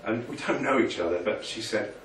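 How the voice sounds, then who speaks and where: A man's voice: lowish voice, a little fast, fairly bright tone. A chatty, self-deprecating man giving a motivational talk to a live audience. His voice is heard from some distance off the mic, with the room's echo around it and a faint hum of ambience behind him. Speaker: presenter. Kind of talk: informal business presentation. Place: meeting room with an audience. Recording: echoey room, picked up from a distance.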